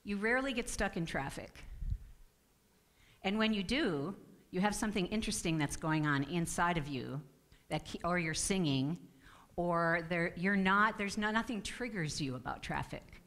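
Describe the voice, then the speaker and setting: A woman's voice: on the low side, moderate pace, fairly bright tone. Earnest woman giving a spiritual talk. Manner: earnest, personal, with restarts. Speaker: guest speaker.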